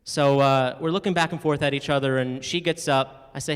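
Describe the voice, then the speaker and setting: A man's voice: mid-range voice, brisk. A young man performing a stand-up comedy set, telling loose stories and acting out other people's voices for punchlines, in front of a live audience. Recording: echoey room, distant mic, noisy.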